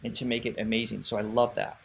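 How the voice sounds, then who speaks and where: A man's voice: fairly low pitch, level tone, quick pace, vocal fry, a bit bright, a little hiss or hum. Enthusiastic man hosting a reaction chat. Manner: enthusiastic, explanatory, restarts words often. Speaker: vocal coach and reaction show host. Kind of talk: casual reaction commentary. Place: remote, away from his usual setup.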